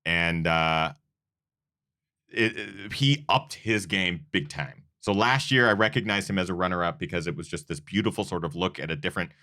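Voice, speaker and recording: Show host, very low voice, earnest and rambling, casual delivery. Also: male voice, normal speed, sharp tone, no echo, studio quality. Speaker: host of a running channel. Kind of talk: casual awards show chat.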